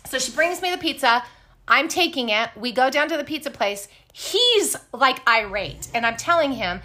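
Bright-voiced woman telling a story. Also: sits high, moderate pace. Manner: animated, blunt, swears freely. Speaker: podcast host. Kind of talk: casual storytelling.

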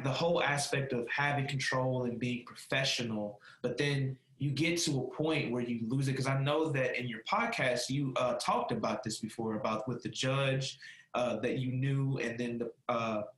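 A man's voice: medium pitch, normal speed, fairly bright tone. A man co-hosting a podcast, politely cutting in with hesitant, filler-laden questions. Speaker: podcast co-host. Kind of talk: casual interview talk. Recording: echoey room.

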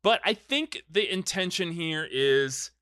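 A man's voice: fairly high pitch, lively intonation, slow, sharp tone, clean tone, no room sound, studio quality. A man hosting a casual podcast chat, recapping a film plot with jokes and mock-angry rants. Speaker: podcast host explaining a film saga.

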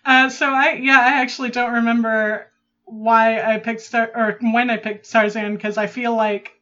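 Casting: female podcast co-host reminiscing, slightly high voice, muffled lo-fi mic. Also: level tone, moderate pace, pushed and bright. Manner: reminiscing, laughs often. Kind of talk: casual chat.

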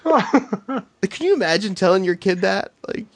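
Here a middle-aged podcast co-host speaks in a high-pitched voice, a little slowly, over a bit of hiss or hum. It's casual storytelling chat, and he's animated, profane and quick to laugh.

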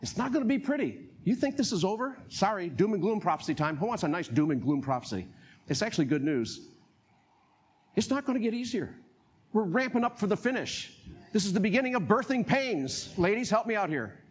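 A man with a North Carolina accent preaching a sermon as pastor, animated, laughing often and acting out voices. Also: high-pitched, brisk, a little hiss or hum.

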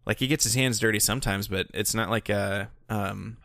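A man's voice: on the low side, fairly even intonation, normal speed, gravelly, a bit bright, dry recording, clean studio sound. A man co-hosting a podcast in casual chat, rambling with many fillers and restarts. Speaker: podcast co-host.

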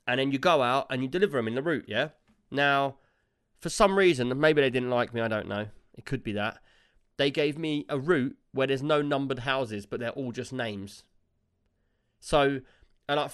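A man's voice: mid-range voice, fairly bright tone, clean tone. A British man in casual banter, a chatty co-host who rambles through stories and laughs often. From United Kingdom.

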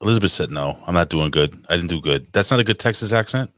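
A man's voice: low-pitched, lively intonation, fast, fairly bright tone, dry recording, studio quality. A man co-hosting a podcast in casual chat, with brash, profane banter. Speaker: podcast co-host. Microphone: podcast microphone.

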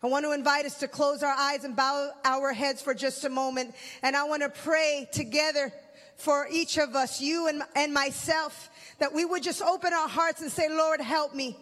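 A man preacher delivering an impassioned sermon and leading prayer, swelling into loud cries and dropping to hushed tones. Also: very high voice, flat delivery, moderate pace. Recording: long reverb in a hall.

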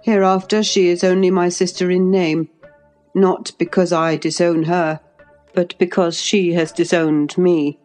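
A woman reading a stern, clipped gentleman. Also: fairly low pitch, flat delivery, a little slow, soft background music, natural voice. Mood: cold. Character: stern gentleman, agitated then coldly proud.

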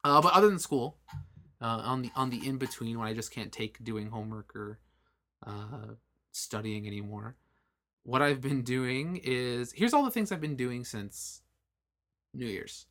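A man in his late twenties co-hosting a podcast, talking casually and animatedly, with frequent swearing. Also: medium pitch. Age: late 20s. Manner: animated, swearing, quick asides. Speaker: podcast co-host. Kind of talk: casual chat.

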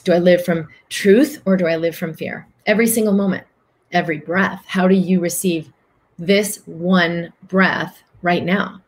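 A woman with a lowish, steady, unhurried voice hosts a livestream, answering viewer comments as a spiritual coach. She speaks earnestly, repeats phrases for emphasis, and acts out other people's voices when quoting them.

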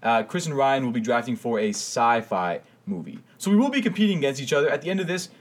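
A man's voice: mid-range voice, big pitch swings. A man co-hosting a podcast from a studio, introducing guests like a boxing announcer and rattling through the rules in casual chat. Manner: hyped boxing-announcer delivery in intros, rapid rule explanations. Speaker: podcast co-host.

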